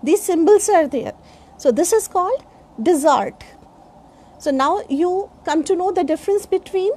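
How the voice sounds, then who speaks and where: A middle-aged woman from India teaching pronunciation, spelling each word out letter by letter in a deliberate way. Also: extremely high pitch, lively intonation, mellow. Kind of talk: pronunciation lesson.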